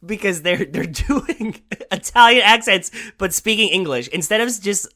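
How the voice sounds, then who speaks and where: A man's voice: high-pitched, lively intonation, moderate pace, pushed and bright. A man co-hosting a podcast in casual chat, rambling with lots of fillers and swearing casually. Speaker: podcast co-host.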